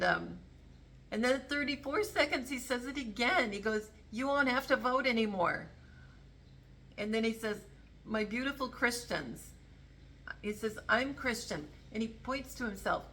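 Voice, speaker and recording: Speaking to camera about politics in a mid-range, fairly bright voice, this woman vlogger rambles earnestly and corrects herself along the way. There's slight background noise in the recording.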